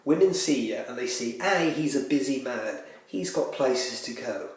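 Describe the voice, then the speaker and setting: A man with a cold giving self-assured, rambling dating tips in a deadpan spoof style, a little out of breath. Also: medium pitch, normal speed. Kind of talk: deadpan spoof advice video. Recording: very echoey room.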